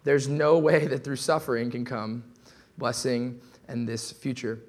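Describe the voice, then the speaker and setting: A young adult man preaching a sermon in a relaxed, conversational way, full of asides and quick acted-out quotes. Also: medium pitch. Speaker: pastor.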